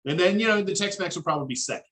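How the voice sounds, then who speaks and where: A man's voice: sits high, expressive, rapid-fire, a bit bright, poor audio. A man from Dallas hosting a podcast, chatting in a laid-back way and cursing now and then. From Dallas, Texas. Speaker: podcast host. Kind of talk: casual interview chat.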